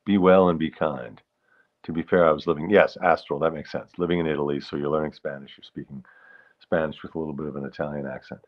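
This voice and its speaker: A man's voice: extremely low pitch, steady tone, fast, dull audio. A man hosting a livestream, chatting casually and rambling while reading out comments from viewers. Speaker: livestream host.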